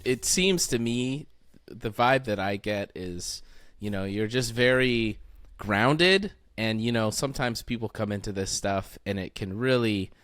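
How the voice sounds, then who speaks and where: A man's voice: fairly low pitch, expressive, unhurried, fairly bright tone, dry recording, clean studio sound. A man hosting a podcast, asking questions in a chatty, encouraging way. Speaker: podcast host. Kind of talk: interview questions.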